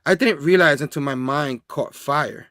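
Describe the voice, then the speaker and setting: Man reading as a dark vengeful hero. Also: on the high side, normal speed, no echo, studio quality, natural voice. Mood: menacing. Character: vengeful male superhero gone dark.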